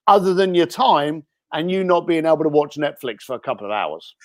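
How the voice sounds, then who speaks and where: A British man, a guest on an interview show, giving casual advice in an animated way and acting out what people might say. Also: on the high side, moderate pace, hardly any pauses, no room sound, clean studio sound. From Britain. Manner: animated, acts out quoted speech.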